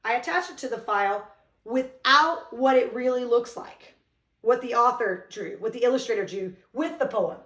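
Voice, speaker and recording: A woman teacher giving an online lesson to young children, reading a poem aloud with slow, expressive emphasis. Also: fairly high pitch, echoey room, recorded from a distance.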